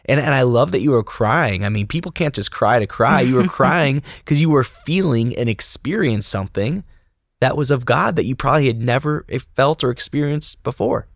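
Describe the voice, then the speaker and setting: A man's voice: medium pitch, normal speed, hardly any pauses, dry recording, clean studio sound. A man hosting a faith podcast who speaks in a reflective, sermon-like way. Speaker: podcast host.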